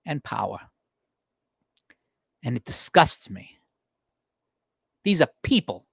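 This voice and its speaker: A man hosting a political livestream, delivering a heated, emphatic monologue that climbs in pitch as he gets worked up. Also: big pitch swings, slow, vocal fry, long pauses, no room sound, clean studio sound. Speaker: political talk show host. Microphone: livestream desk microphone.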